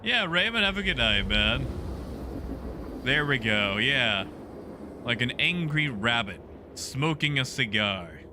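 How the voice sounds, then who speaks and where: A man's voice: medium pitch, sing-song, takes it slowly, background noise. A man streaming a game and chatting casually with live viewers, joking and riffing on their messages from his home setup.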